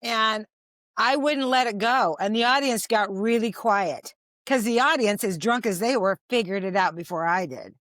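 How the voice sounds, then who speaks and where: A woman's voice: fairly high pitch, moderate pace, no echo, clean studio sound. An older woman, a comedian, telling stage stories in a conversational, self-deprecating way. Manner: animated, laughing, self-deprecating anecdotes. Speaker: comedian guest. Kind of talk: conversational storytelling.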